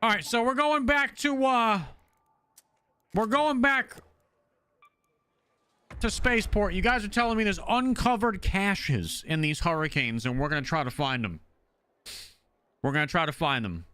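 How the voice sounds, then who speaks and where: A man streaming a video game live, chatting casually and excitably shouting thanks to his supporters. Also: high-pitched, a little slow, pauses often, clean tone, no echo.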